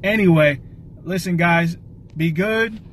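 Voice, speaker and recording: A man's voice: sits high, slow pace, a bit bright, a little hiss or hum. A man, ranting casually and profanely to his viewers in a rambling, wisecracking way. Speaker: vlogger. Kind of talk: casual rant to camera.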